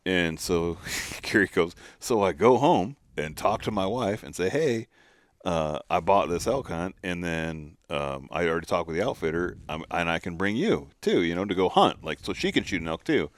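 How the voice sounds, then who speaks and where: Deep voiced guy on a podcast telling a hunting story, doing everyone's voices, dry close sound. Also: normal speed, dry recording. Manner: animated storyteller, acts out quotes. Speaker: podcast co-host. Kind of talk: casual storytelling chat.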